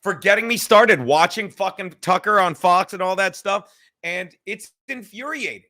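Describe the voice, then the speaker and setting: A man's voice: high-pitched, moderate pace, pushed and bright. A man hosting a podcast, ranting casually with heavy swearing and sarcastic asides. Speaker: podcast host. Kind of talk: casual rant.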